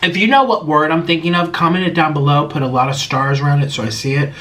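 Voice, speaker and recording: A man's voice: on the high side, steady tone, fast talker, bright, forceful tone. A young man hosting a casual vlog Q and A, talking straight to camera with dramatic swings between exasperation and mockery. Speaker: YouTuber hosting a Q and A.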